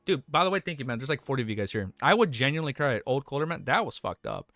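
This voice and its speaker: A man's voice: mid-range voice, sing-song, fast talker, fairly bright tone, dry recording. A young man streaming live, reading a novel aloud and reacting in a casual, emotional, swearing way. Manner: casual and swearing, often emotional, exclaims "dude".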